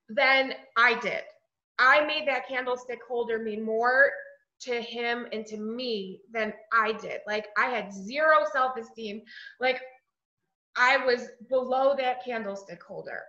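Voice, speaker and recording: A woman shares her recovery story in a high, bright voice. She acts out the dialogue with lively, chatty energy. Her voice rings in an echoey room on a dull, lo-fi recording. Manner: animated storytelling with quoted dialogue and frequent "like".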